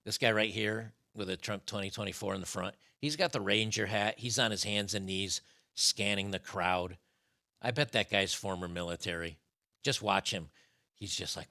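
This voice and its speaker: A man's voice: lowish voice, normal speed, vocal fry, bright, forceful tone. A man hosting a live stream with casual political commentary, blunt, profane and mocking.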